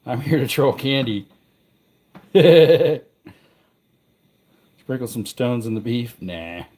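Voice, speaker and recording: Male livestream host, mid-pitched, low-key mumbling banter with chat. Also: expressive, slow, darkish tone, slightly rough. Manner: mumbling, joking asides to chat. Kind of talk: casual livestream chat while reloading ammunition.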